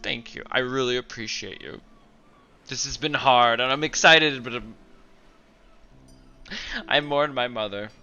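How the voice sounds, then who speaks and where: A man voicing a sentimental, grieving young nobleman who talks softly and earnestly to his partner. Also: on the high side, sing-song, normal speed, dull audio, soft background music, pitched above the performer's own voice, full character voice. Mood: tender. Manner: soft, earnest, emotional.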